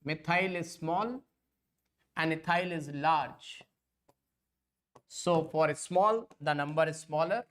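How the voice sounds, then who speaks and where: A man's voice: on the high side, takes it slowly, pauses often, fairly bright tone. A man teaching an online exam-prep lecture. He repeats points again and again and keeps calling his students kids.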